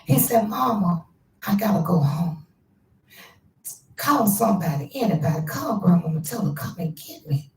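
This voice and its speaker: A woman host tells a personal family story to her viewers, quoting relatives and dropping to hushed asides. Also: animated, normal speed, long pauses, distant mic. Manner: quotes family members with shifts in pitch and hushed asides. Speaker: channel host. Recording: echoey room, voice a bit off-mic.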